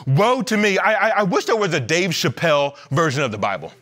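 A man preaching a sermon as pastor in a church, animated, with playful asides and acted-out quotes. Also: on the high side, fast talker, slightly rough. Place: church sanctuary.

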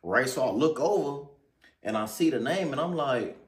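A man's voice: mid-range voice, animated, moderate pace. A man telling a casual story-time tale in a slangy, rambling way, often checking in with the listener. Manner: slangy, rambling, keeps asking "you feel me". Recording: roomy echo.

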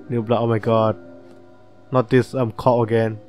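A man's voice: mid-range voice, flat delivery, normal speed, long pauses, darkish tone, soft background music. A man hosting a casual let's-play, reading the game's text aloud and reacting with laughs and swearing. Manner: chatty, swearing, reads game text aloud, laughs often. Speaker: gaming channel host.

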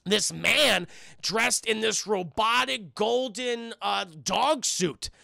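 A young man streaming a cartoon review, talking casually and excitably to his chat, with lots of swearing. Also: sits high, takes it slowly, vocal fry, no room sound, clean studio sound. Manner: profane, excitable, talks to chat.

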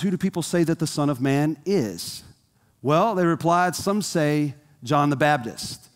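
A man preaching a sermon in a conversational way, asking the congregation questions, recorded in a church. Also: on the high side. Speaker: pastor. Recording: long hall reverb.

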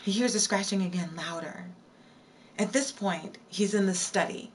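A woman's voice: mid-range voice, normal speed, a little hiss or hum. A woman live streamer telling a spooky story in a casual way, repeating lines and breaking off to answer her chat. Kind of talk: storytelling on a livestream.

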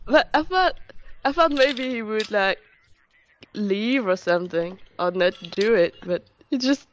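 A woman's voice: mid-range voice, expressive, a little slow, a little hiss or hum. A woman chatting casually with friends while gaming, hesitant and giggly, often repeating her words. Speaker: gamer on voice chat. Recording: muffled lo-fi voice chat.

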